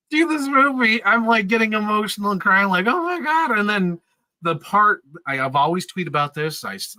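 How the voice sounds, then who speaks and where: A man's voice: fairly high pitch, sharp tone, no room sound, rough recording. A man in his thirties telling casual, rambling stories on a podcast, laughing often and swearing freely. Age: 30s. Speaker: podcast regular. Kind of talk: casual storytelling chat.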